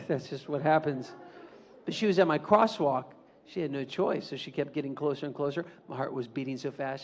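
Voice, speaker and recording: A middle-aged man, a motivational speaker, giving an animated school assembly talk and leading the audience in call-and-response. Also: fairly high pitch.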